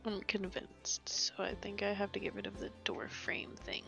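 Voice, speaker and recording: A woman's voice: medium pitch, monotone, moderate pace, vocal fry, sharp tone, faint music behind. A young woman casually commenting while playing a life-simulation game, often whispering and amused. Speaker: gaming channel host. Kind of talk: casual let's-play commentary.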